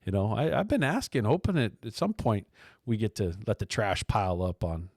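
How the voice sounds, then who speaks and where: A man's voice: on the low side, big pitch swings, fairly quick, darkish tone, dry recording, studio quality. A man hosting a casual labor radio show, talking loosely with lots of fillers, restarts and sarcastic asides. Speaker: talk show host.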